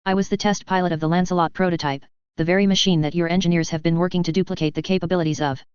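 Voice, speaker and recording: A reader doing a calm young ex-pilot. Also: mid-range voice, racing, smooth, dry recording, lo-fi sound, close to an everyday voice. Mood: composed. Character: calm, determined young Japanese ex-pilot man.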